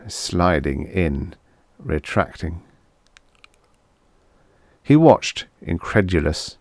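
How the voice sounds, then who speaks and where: A man narrating vintage science fiction stories in a measured, dramatic storytelling manner. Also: low voice, a little mellow, no echo, clean studio sound. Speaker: audiobook narrator.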